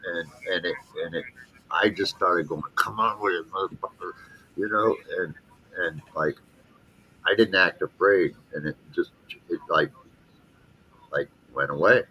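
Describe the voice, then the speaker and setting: Very deep, bright-edged man. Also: unhurried, pauses often, breathy edge. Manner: laid-back, peppers speech with dude and you know. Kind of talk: casual chat.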